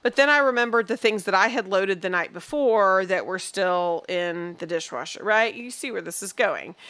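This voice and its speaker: Middle-aged woman host, chatty and animated storyteller, mid-pitched voice, casual. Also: moderate pace. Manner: animated storytelling, slips into voices when quoting. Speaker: podcast co-host. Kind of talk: casual chat.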